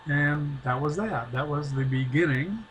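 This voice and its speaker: A man's voice: a little high, unhurried, slight background noise, poor audio. A middle-aged man casually recounting a personal story in a rambling, hesitant way. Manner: rambling, hesitant, soft-spoken.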